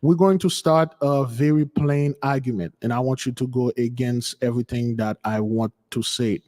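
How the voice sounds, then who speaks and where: A man hosts casual live commentary for a spiritual channel, calling listeners beloved, with a big-room sound around him. His medium-pitched voice is a little mellow, fairly even and moderately paced, while his speech is repetitive, stammering and often restarted.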